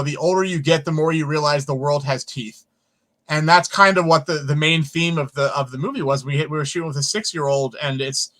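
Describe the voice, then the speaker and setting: Man, filmmaker guest, animated storyteller, casual swearing, bright tense voice, a bit high. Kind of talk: storytelling in an interview.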